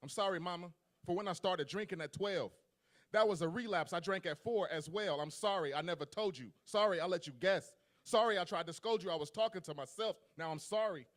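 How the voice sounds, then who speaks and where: A man's voice: sits high, fairly quick. A man performing a rhyming spoken-word poem at a slam, with rhythmic, building delivery. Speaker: slam poet.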